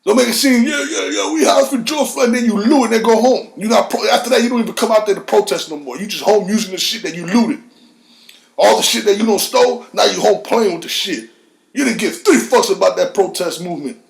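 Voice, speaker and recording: A gravelly man with a fairly high voice hosts his own podcast in a bare, echoey room. He rants with heat and plenty of profanity. His voice drops low, then jumps up into shouts. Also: fast. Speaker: podcast host. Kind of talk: heated solo podcast rant.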